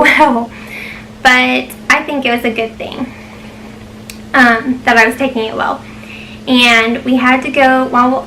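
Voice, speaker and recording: A woman's voice: a little high, pushed and bright, slight background noise, low-quality recording. A young woman telling a personal story to camera in a chatty way, full of ums and likes. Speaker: vlogger.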